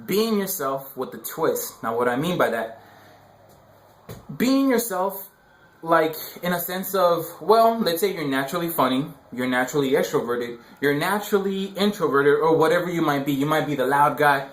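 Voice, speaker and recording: Young guy, slightly high voice, loose rambling slang, roomy echo on the mic. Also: lively intonation, moderate pace. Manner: rambling, filler-heavy slang. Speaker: dating advice vlogger. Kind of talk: casual advice monologue.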